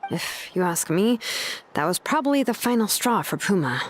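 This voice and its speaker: An actress voicing a friendly tribeswoman in a game who calmly explains things to the player. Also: medium pitch, normal speed, a little hiss or hum, close to an everyday voice. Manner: easygoing and explanatory. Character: friendly helpful tribe woman.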